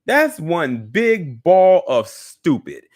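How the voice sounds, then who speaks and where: A man's voice: fairly high pitch, drawn-out words. A young man hosting a casual news commentary show, talking straight to his viewers with scoffing asides. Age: young adult. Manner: animated, talks to viewers directly, scoffing asides.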